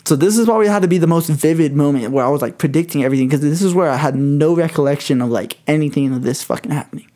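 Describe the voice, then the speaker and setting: A man's voice: on the high side, very fast, few pauses, warm tone. A young man in his twenties telling a rambling, swear-heavy story in casual chat.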